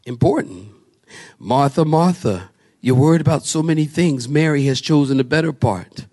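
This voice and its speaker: A pastor preaches a sermon, quizzing his congregation with call-and-response questions. He slows and drops low for scripture readings and names, then rises high for emphatic lines, his voice a little mellow.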